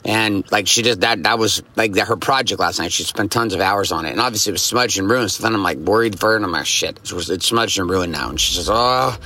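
A man's voice: lowish voice, fast talker, hardly any pauses, pushed and bright. A middle-aged man hosting a podcast, telling a casual story and repeating his key lines for emphasis. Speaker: podcast host.

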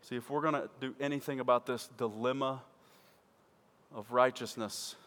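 A man preaching a sermon to his church, swinging from loud emphatic peaks to quiet low asides. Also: fairly even intonation, moderate pace. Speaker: pastor. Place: church sanctuary. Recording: church hall with long reverb.

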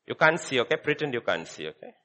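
A man preaching a sermon as a pastor, repeating short phrases and swinging between hushed and loud delivery. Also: medium pitch, big pitch swings, fast.

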